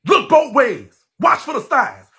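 Brash high-voiced New man ranting. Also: big pitch swings, unhurried. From New Orleans, Louisiana. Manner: brash, loud, laughing, heavy cursing. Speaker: livestream host. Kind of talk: profane livestream rant. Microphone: phone livestream.

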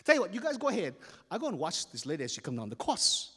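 A male storyteller with a Hawaiian Pidgin English accent, performing live with playful, dramatic energy. His fairly high voice swings widely in pitch, and a long reverb trails from the hall. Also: huge pitch swings, fast, fairly bright tone, slightly rough. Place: stage at a storytelling festival.

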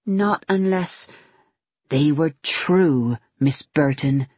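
A man voicing a gossipy, grave old female maid in a hushed, dramatic way. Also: a little high, drawn-out words, husky, no room sound, muffled recording, full character voice. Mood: grave gossip.

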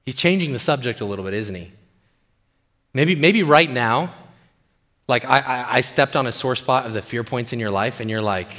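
Pastor dude preaching, bright tone, lively swings, echoey church hall. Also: male voice, medium pitch, moderate pace, long pauses. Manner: animated, playful, asks the crowd questions. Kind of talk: sermon.

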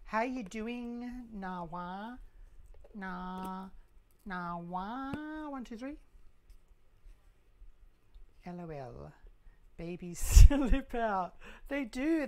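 A woman's voice: lowish voice, dark tone. A woman hosting a casual live cooking stream, chatting and joking with viewers in a self-mocking way. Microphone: clip mic, sometimes moved.

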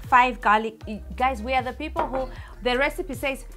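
A slightly high-voiced woman cooks and chats in a home kitchen, teasing her partner in a playful way. Background music runs clearly under her voice. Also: normal speed. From Zambia. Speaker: cooking vlog host. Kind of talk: casual cooking chat with banter.

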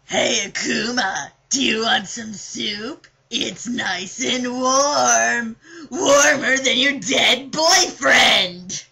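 A gravelly, raspy-edged vampire man, as a woman puts him on drags out each taunt with slow, shouted mockery. The tone is bright and sharp, with heavy fry under it. The recording is dull and lo-fi. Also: fairly high pitch, pitched above the performer's own voice, exaggerated voice. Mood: mocking. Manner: mocking, drawn-out, shouted. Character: smug male vampire taunting a grieving woman.

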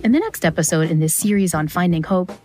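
A woman hosting a podcast, reading scripted narration in a lively, expressive way. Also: lowish voice, quick pace. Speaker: podcast host. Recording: music bed underneath.

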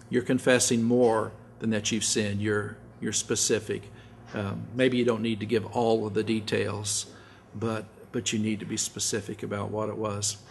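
A man's voice: fairly low pitch, creaky. Earnest male pastor preaching, faint room hum. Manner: earnest, repeats words as he restarts, drops to a soft hush at times. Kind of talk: sermon. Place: church sanctuary.

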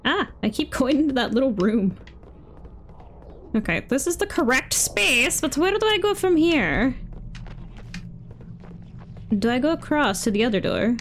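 Loud in-game gunfire sits behind this woman's fairly high voice, along with a little hiss or hum. Streaming a video game, she keeps up a running live commentary, answering the characters and bursting into sudden exclamations.

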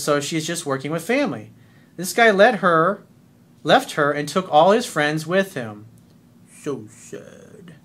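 A middle-aged man coaching on dating, reading a listener's email and answering with playful, teasing remarks. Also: fairly bright tone. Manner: playful, teasing, switches to a low crooning voice.

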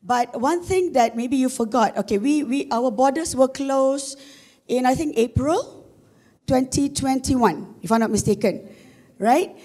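A woman with a Malaysian English accent and a husky voice, giving a chatty conference presentation with many fillers and restarts. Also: sits high, a little slow, dark tone. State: husky voice from dust. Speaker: conference speaker, marketing executive. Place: conference room.

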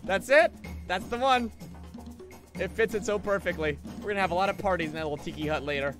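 A man's voice: sits high, quick pace, soft background music. A young man giving playful, goofy live commentary while streaming a game and chatting with viewers. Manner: playful, goofy, jokes with chat; excitable, shifting energy. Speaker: gaming streamer.

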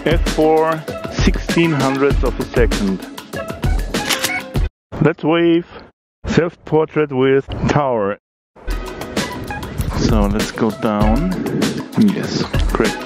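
Out on a city street, a native German-speaking man narrates his film photography vlog, thinking aloud as he takes pictures. He sounds unhurried and enthusiastic, with a medium-pitched, expressive voice heard over loud music.

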